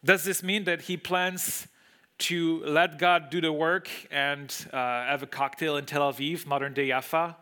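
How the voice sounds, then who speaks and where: A man delivers a sermon in English, which is not his first language. His voice is bright and sits slightly high. He explains the text, repeats words for emphasis and puts rhetorical questions to the room. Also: steady tone, unhurried, clear, resonant tone. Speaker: preacher. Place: room with a congregation.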